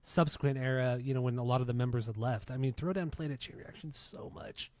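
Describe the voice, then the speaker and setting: A man's voice: mid-range voice, darkish tone, no room sound. Chatty male podcast host, dry close mic. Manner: fast, chatty intro patter. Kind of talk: casual podcast chat.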